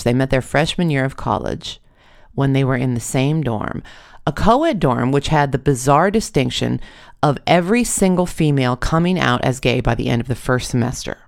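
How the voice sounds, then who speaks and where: A storyteller with a gravelly, mid-pitched voice tells a funny first-person story. The delivery is dry and wry, with deadpan asides.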